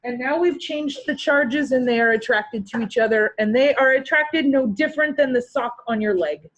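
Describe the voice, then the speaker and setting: A woman's voice: on the high side, moderate pace, fairly bright tone, rough recording. A woman with a Canadian accent, teaching a class in a chatty, joking and encouraging way. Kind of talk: online class lecture.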